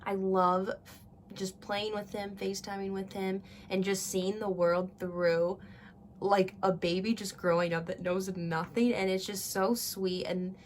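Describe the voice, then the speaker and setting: Chatting through a casual crafting tutorial, a woman in her twenties speaks at a measured pace in a mid-range voice with little pitch movement, over slight background noise. She gushes, thinks aloud while working, and addresses viewers as "guys".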